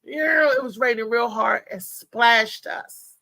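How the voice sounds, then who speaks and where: A woman from Maryland hosts a live show and tells a long personal story. Her voice has a gravelly edge and a bright, forceful tone. The sound is dry and close, with no room around it. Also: fairly high pitch, unhurried, dry recording. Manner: animated, chatty, talks to listeners as "y'all". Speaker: show host.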